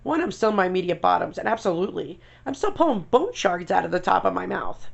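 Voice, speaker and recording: Young woman vlogging, super gravelly, chatty and blunt, kinda muffled sound. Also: fairly low pitch, expressive, normal speed, hardly any pauses. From New York. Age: young adult. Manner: blunt, chatty, rambling with asides and mild swearing. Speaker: denture vlogger. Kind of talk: casual chat to camera.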